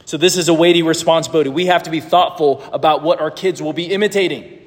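High-voiced male pastor preaching. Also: steady tone, quick pace, long reverb tail. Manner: conversational, asks the congregation questions. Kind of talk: sermon.

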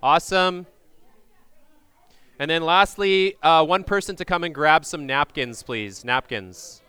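A man leading a group through a Passover meal, giving loud instructions into a microphone and checking in with frequent "okay?"s. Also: on the high side, measured pace, clear, resonant tone, dry recording. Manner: projects loudly into a microphone. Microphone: handheld or stand microphone.

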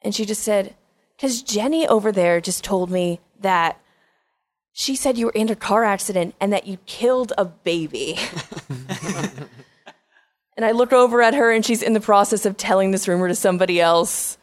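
A woman comedian telling a personal story with dramatic pauses and self-deprecating humor. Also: mid-range voice.

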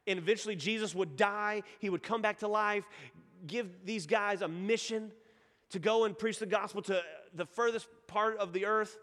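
A man's voice: high-pitched, steady tone, moderate pace, a bit bright, long reverb tail. A man from East Texas with a Texan accent, preaching a sermon in a casual storytelling way and joking with the congregation. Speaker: pastor.

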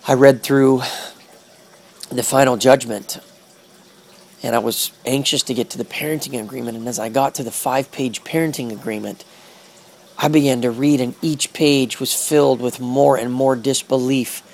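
A man telling a personal faith testimony in an earnest, halting way, repeating words and drawing out slow phrases. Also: medium pitch, fairly even intonation, darkish tone. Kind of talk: emotional personal testimony storytelling.

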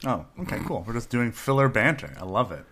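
A man's voice: medium pitch, big pitch swings, fairly quick, fairly bright tone. A man co-hosting a casual podcast, joking and rambling, laughing often. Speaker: podcast co-host.

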